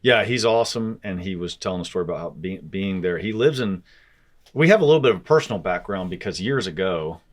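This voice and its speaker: A man's voice: sits low, animated, fast talker. A man hosting a podcast, chatting casually and getting emphatic when he makes a point. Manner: emphatic, rising sharply when making a point. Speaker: podcast host. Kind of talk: casual chat.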